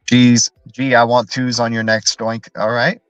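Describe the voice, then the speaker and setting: A man's voice: medium pitch, level tone, unhurried, clear, resonant tone, dry recording, faint music behind, low-quality recording. Rambling man chatting on a livestream. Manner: rambling, tags lines with "right?" and "man"; reads out and answers viewer chat. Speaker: livestream host. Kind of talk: casual live-stream chat.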